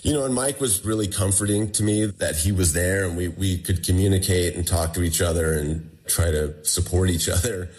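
In a deep voice, at a moderate pace with few pauses, a man shares the story of how he survived an ordeal. It's a lively, conversational interview retelling in which he performs other people's quoted words.

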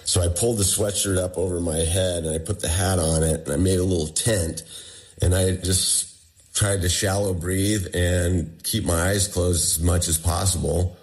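Speaking at a normal speed in a low register, this interview guest recounts a personal ordeal he survived. He tells it conversationally and with animation, voicing the lines others said to him.

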